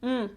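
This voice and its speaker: A woman's voice: very high-pitched, mellow. A woman chatting casually and giggling often as she cooks live on a stream. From Italy. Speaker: cooking streamer. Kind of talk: casual live-stream chat while cooking. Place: home kitchen.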